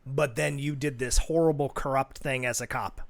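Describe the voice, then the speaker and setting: A man's voice: medium pitch, steady tone, moderate pace, vocal fry. A man co-hosting a movie commentary podcast, talking in casual chat with lots of fillers. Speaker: podcast co-host.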